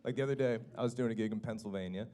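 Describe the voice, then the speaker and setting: A man's voice: fairly low pitch, very fast, mellow. A man from Baltimore doing a stand-up set on a comedy club stage, chatty and laughing between lines as he talks to the crowd. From Baltimore, United States.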